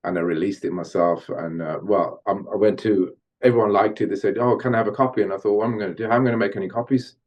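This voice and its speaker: A middle-aged man from Birmingham, England, guesting on an interview podcast and telling stories from his music career in an animated way. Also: fairly low pitch, quick pace, hardly any pauses, muffled recording. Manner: animated storyteller, slips into Jamaican-style patois when chanting. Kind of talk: storytelling interview.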